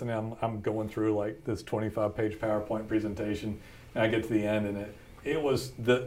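A man, hosting a podcast and telling stories about founding his company in a blunt, folksy way, laughing often. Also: lowish voice. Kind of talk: casual storytelling chat.

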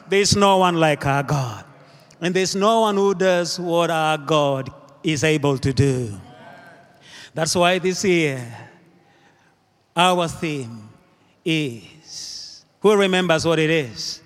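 A man's voice: sits high, measured pace, a bit bright, clean tone. A man preaching a sermon as pastor, leading the congregation in call-and-response and driving points home with rhythmic repetition. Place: church sanctuary with live congregation. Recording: echoey church hall reverb.

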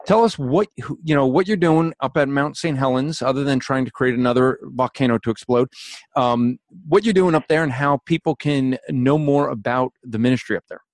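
A man's voice: medium pitch, moderate pace, no echo. A man hosting a casual chat, teasing his guest and laughing often. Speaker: host.

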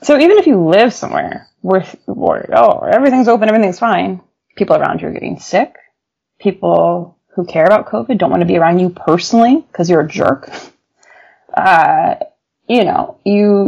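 Woman journalist guest, gravelly fry, lower voice, casual storyteller, muffled remote recording. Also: moderate pace. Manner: animated, laughs often, many fillers.

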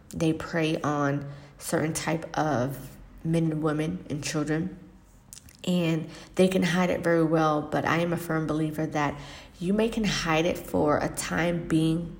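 A woman with a low, gravelly voice hosts a faith-based podcast monologue. She speaks in a flat, even tone, earnest and reflective, pausing often and filling gaps with soft ums. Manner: earnest and reflective, with frequent pauses and fillers. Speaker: podcast host. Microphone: podcast microphone.

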